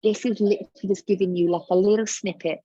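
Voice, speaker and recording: A woman's voice: medium pitch, steady tone, quick pace, warm tone, husky, dry recording, lo-fi sound. A woman business coach leading listeners through a guided coaching exercise, soothing and encouraging, often repeating her instructions.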